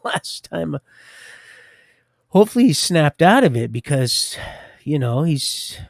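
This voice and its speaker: A man hosting a livestream, rambling through faith talk, laughing often and swinging between loud and hushed. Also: on the high side, husky, dry recording, clean studio sound. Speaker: livestream host.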